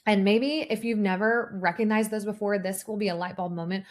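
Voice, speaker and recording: A woman's voice: mid-range voice, steady tone, fairly quick. A woman in her thirties hosting a health podcast, speaking earnestly and personally as a nurse practitioner, with frequent fillers and restarts. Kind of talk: solo podcast talk.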